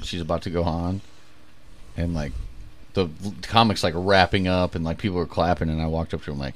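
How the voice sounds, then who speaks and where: A man's voice: deep voice, fairly quick. A man who is a comic, telling a story in casual podcast banter and laughing as he goes.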